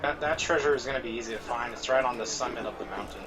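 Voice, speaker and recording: A man's voice: mid-range voice, quick pace, over music, low-quality recording. A man hosting a casual let's play, reading game text aloud with amusement. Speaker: gameplay host.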